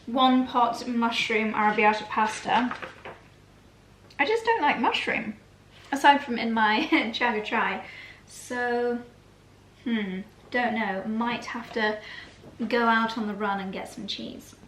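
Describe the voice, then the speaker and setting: A woman's voice: on the high side, takes it slowly, a bit bright, a little hiss or hum. A woman vlogging casually in her home kitchen, chatty and self-mocking. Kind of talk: casual chat. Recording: roomy kitchen echo.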